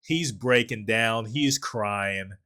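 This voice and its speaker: A man's voice: fairly low pitch, slow pace, pushed and bright. A man co-hosting a casual film review chat, retelling the plot with energy, acting out character lines and laughing often.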